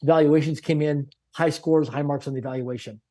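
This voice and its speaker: A man shares a personal story as a guest on a podcast. He speaks with animated emphasis, piling up short punchy phrases, and his voice sits a touch higher than most men's. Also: fairly quick.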